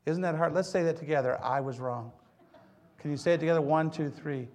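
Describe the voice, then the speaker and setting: A middle-aged man preaching a sermon with a gravelly edge and a slightly high pitch. He mixes scripture with folksy jokes about his own life and speaks straight to the congregation. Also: fairly quick, a little mellow. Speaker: pastor.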